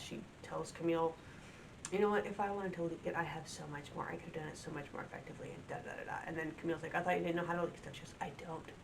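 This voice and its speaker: A woman's voice: lowish voice, gravelly, a bit bright, a little hiss or hum, poor audio. A young woman vlogging at home, ranting in a frustrated, swearing way straight to the camera. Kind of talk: casual opinion vlog.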